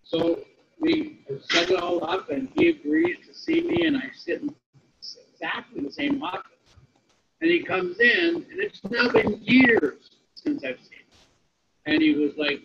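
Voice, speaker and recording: A man's voice: very high voice, big pitch swings, unhurried, vocal fry, heavy background noise. A man speaking on a webinar about disability support, telling a story and often checking in with "okay?". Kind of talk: storytelling talk. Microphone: online call audio. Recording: muffled lo-fi webinar audio.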